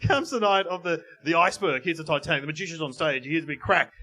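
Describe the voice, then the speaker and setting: A man's voice: fairly high pitch, quick pace, bright, forceful tone. A man co-hosting a live comedy podcast in a pub, rambling and laughing as he tells jokes. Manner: rambling joke-telling, laughs often. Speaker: co-host. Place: pub in front of a live audience.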